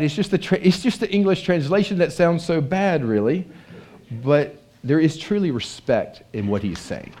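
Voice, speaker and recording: A man preaching a sermon in a conversational way, often asking his listeners questions. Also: mid-range voice. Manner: animated, conversational, asks the audience questions.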